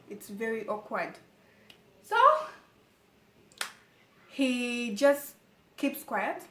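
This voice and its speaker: A young woman tells a personal story for her vlog, animated and expressive, often turning to her viewers. Her voice sits on the higher side. The recording carries a noticeable room echo. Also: a little hiss or hum. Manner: animated storytelling, repeatedly addressing viewers as guys. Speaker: vlogger. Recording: echoey room.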